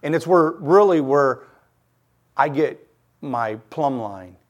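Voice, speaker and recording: A man preaching to a congregation as a visiting speaker. He tells a personal story with lots of animation. His voice sinks quiet and then builds up loud. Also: a little high, animated, slow. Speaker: guest preacher. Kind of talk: sermon with personal testimony.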